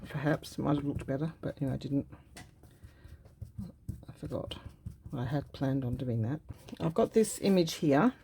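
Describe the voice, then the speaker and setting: A woman vlogger chatting casually as she works on a craft project, thinking aloud in an unhurried way. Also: low voice, vocal fry, darkish tone, breathy edge. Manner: musing aloud while cutting and gluing, unhurried and chatty.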